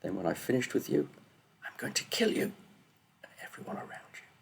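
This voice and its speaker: A man's voice: medium pitch, sing-song, brisk, creaky, pitched above the performer's own voice. A man voicing a cruel, vengeful voice inside a girl's head, hissing threats in a whisper. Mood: menacing. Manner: hissed whispers, snarling threats.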